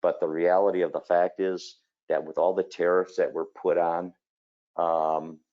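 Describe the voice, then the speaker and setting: A man with a very low voice talks through a design webinar in a loose, conversational way, full of asides and stories. The audio sounds a little dull and lo-fi. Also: little pitch movement, unhurried. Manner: conversational, storytelling with fillers. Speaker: kitchen designer. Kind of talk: webinar presentation.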